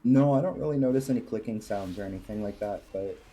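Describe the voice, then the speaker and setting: A man on a stream voice chat lays out the details in a matter-of-fact way. His voice is low and dark-toned, relaxed and warm. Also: quick pace, slight background noise, low-quality recording. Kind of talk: casual chat.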